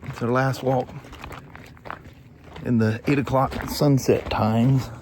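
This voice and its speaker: A man's voice: medium pitch, steady tone, takes it slowly, noisy background. A middle-aged man hosting a vlog, telling stories in a rambling, easygoing way with plenty of restarts. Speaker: vlog host. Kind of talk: casual chat.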